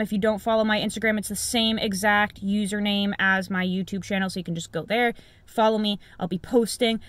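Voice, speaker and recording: A woman's voice: a little high, a bit bright, no room sound. A young adult woman vlogger from the United States chatting casually to camera, blunt and rambling, with frequent filler words and casual swearing. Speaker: knife reviewer and vlogger.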